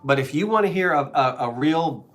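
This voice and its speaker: A man's voice: on the high side, lively intonation, a little fast, fairly bright tone. Middle-aged guy w a philly accent, chatty live stream talk, faint music behind him. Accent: Philadelphia. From Delaware Valley, USA. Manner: chatty, reminiscing, jokey asides. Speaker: co-host selling antiques. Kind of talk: casual live stream chat.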